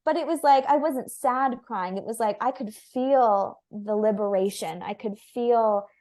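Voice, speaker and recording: A woman's voice: a little high, unhurried, warm tone. A young woman speaking as an interview guest, telling her personal story earnestly and candidly, with lots of filler "likes".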